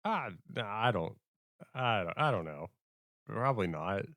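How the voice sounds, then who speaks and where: A man's voice: lowish voice, animated, unhurried, a bit bright, no room sound, clean studio sound. A man playing a tabletop game in character, hesitant and mumbling. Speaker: player.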